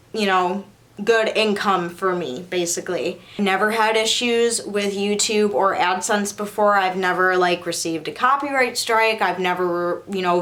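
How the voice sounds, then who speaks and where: A young woman talks straight to her viewers in a vlog, her voice thick from crying. She sounds frustrated and upset, circling back and repeating herself. Her voice sits at an ordinary middle pitch. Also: a bit bright. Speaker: YouTuber. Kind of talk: emotional vlog to camera.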